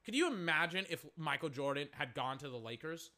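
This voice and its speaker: A man's voice: on the high side, animated, fairly quick, pushed and bright. A young man rambling through a casual, profane solo sports talk show as its host. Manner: rambling, profane, restarts a lot.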